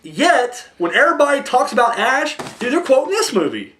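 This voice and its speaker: Animated, rambling young man host. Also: very high voice, normal speed. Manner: rambling, profane, animated storytelling. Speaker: podcast host. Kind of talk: casual chat.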